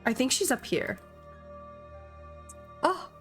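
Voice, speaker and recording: A young woman chats casually while streaming a video game. She talks slowly in a fairly high, playful voice and pokes fun at herself. Faint music plays behind her. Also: very animated, a bit bright. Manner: chatty, playful, self-mocking. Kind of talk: casual live-stream chat.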